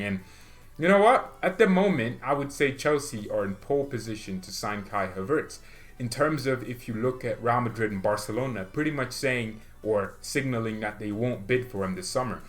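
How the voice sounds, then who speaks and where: A man hosting a football fan channel, talking in a rambling, excitable vlog style full of rhetorical questions. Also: fairly low pitch. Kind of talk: casual vlog commentary.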